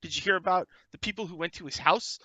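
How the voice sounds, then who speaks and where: A man's voice: high voice, no echo, highs cut off, voice pushed up, full character voice. A man voicing a gangly, eager young male reporter hungry for news scoops, in a tabletop game. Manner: eager, fast, excitable.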